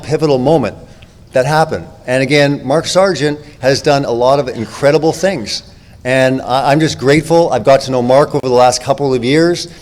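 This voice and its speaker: A man's voice: mid-range voice, a little mellow. A man introducing the next speaker at a conference, praising him enthusiastically. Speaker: conference presenter. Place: large conference room. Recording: reverberant hall with crowd.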